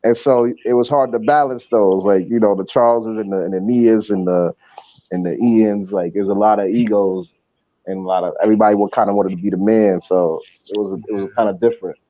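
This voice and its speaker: A man and former coach chatting casually, telling animated stories and acting out other people's lines. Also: lowish voice, a little fast, lo-fi sound. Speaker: former coach, podcast co-host. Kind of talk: casual chat.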